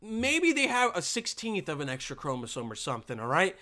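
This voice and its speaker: Brief: young male comic from Bosnia, bright tense voice, lively swooping pitch, crude exasperated rant. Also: fairly quick. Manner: crude, exasperated ranting with sudden high-pitched outbursts. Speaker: comedian. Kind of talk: stand-up style ranting monologue.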